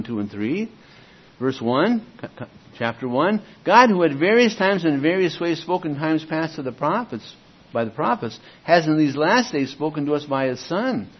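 A man's voice: fairly high pitch, slightly rough. A man teaching from the Bible in a casual, emphatic way, stressing key words and reading verses aloud. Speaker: preacher. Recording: dull lo-fi recording.

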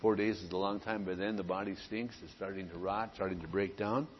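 A man preaching a sermon, reading scripture aloud and breaking off to comment and joke, often clearing his throat. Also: low voice, steady tone, fairly quick, slight background noise. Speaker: pastor. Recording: dull lo-fi sound with long hall reverb.

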